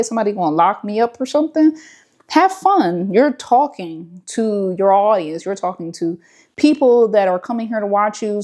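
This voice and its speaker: Chatty woman vlogger giving camera tips. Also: medium pitch. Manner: chatty, relaxed, lots of fillers and slang. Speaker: YouTuber. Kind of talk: casual talking-to-camera advice.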